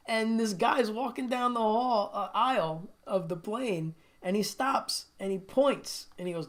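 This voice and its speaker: A man's voice: sits high, unhurried. A middle-aged man hosting a guitar livestream, chatting casually and telling stories with frequent laughter. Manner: chatty storyteller, laughs often.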